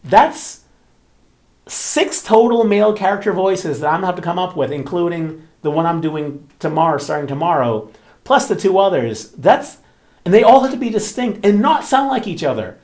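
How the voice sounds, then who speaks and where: A romance author who hosts his own channel tells a story in a casual talking-head chat, his voice sitting high and moving at a moderate pace. He's animated, leans on plenty of fillers, and acts out the voices in the quotes he relays.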